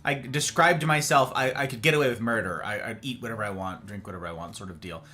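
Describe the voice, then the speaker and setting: A man's voice: lowish voice, fast talker, bright, forceful tone, a little hiss or hum. A man hosting a casual livestream, chatting playfully and greeting viewers by name. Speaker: livestream host.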